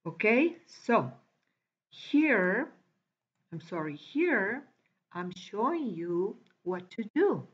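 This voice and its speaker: Slow, husky-voiced woman teacher. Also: mid-range voice, big pitch swings. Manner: patient, repeats and spells out words slowly. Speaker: English teacher. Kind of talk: recorded online class walkthrough. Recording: dull lo-fi recording.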